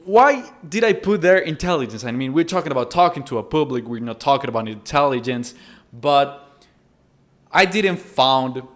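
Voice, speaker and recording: A man's voice: mid-range voice, expressive, normal speed. A man whose first language is Spanish gives casual instructional talk on public speaking, addressing the viewer directly and often correcting himself. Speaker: self-improvement vlogger teaching public speaking.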